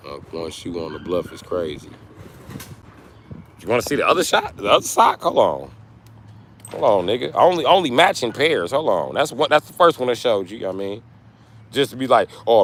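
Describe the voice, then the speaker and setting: A middle-aged man livestreaming, talking casually to his chat and loudly roasting viewers with heavy profanity. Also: fairly low pitch, big pitch swings, normal speed, a little hiss or hum. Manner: profane, loud trash-talking and roasting of chatters.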